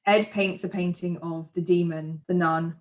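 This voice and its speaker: Woman, film review podcast co-host, casual and enthusiastic, lowish voice. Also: steady tone, moderate pace, a little mellow. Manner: enthusiastic, chatty, self-deprecating.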